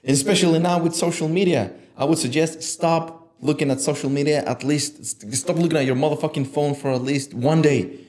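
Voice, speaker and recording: A man speaking as a guest on a podcast, talking passionately and swearing freely, getting loud and animated when he acts out what he tells himself. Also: fairly high pitch, brisk. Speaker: podcast guest, image consultant. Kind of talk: casual conversation.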